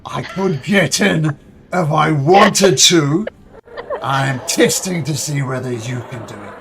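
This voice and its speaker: A man's voice: fairly high pitch, expressive, takes it slowly, creaky, background noise, full character voice. A man voicing a proud, boastful black dragon who talks down to others in a grand, commanding way.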